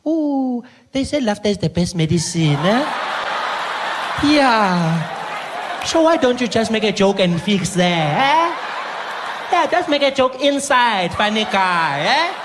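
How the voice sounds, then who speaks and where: A man's voice: sits high, sing-song, takes it slowly, pitched above the performer's own voice, exaggerated voice. Man putting on a snarky hospital clerk lady, singsong teasing, some background noise. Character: mocking sarcastic female hospital check-in clerk.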